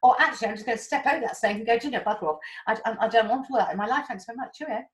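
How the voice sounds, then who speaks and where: Chatty woman, high voice. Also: very fast, low-quality recording. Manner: animated, chatty, explains with homely analogies. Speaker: spiritual guide. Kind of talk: casual spiritual talk.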